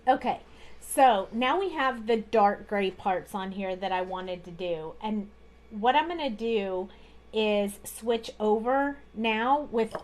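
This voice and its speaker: A woman's voice: medium pitch, slight background noise. A woman hosting a live card-making tutorial, chatting casually as she talks through each coloring step at her craft desk.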